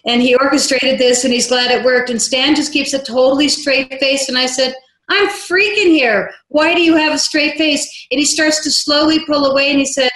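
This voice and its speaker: Woman guest, animated storyteller, acts out dialogue, fairly high voice, roomy echo. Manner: lively, acts out quoted dialogue. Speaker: interview guest, filmmaker.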